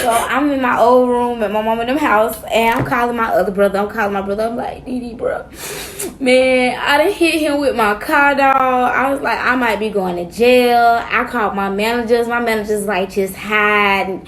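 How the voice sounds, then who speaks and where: Woman in a casual storytime monologue, animated delivery, slightly high voice, faint background noise. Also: normal speed. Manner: animated, acts out quotes, slangy.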